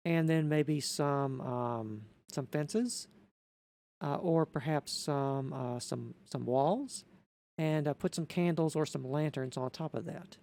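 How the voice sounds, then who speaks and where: A man talking through a building tutorial in an unscripted voice-over, methodical and halting, often correcting himself. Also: a little high, creaky, warm tone.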